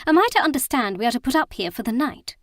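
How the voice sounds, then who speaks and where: A woman's voice: sits high, lively intonation, quick pace, dry recording, clean studio sound, pitched above the performer's own voice. Woman voicing a haughty indignant young lady. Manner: cold and pointed. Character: proud, sharp-tongued young lady, indignant.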